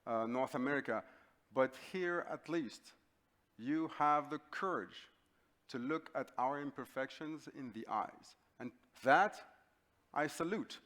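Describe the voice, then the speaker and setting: A middle-aged man from North Africa giving a talk, telling a personal story in an animated, conversational way with frequent fillers. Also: mid-range voice, measured pace. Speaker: keynote speaker.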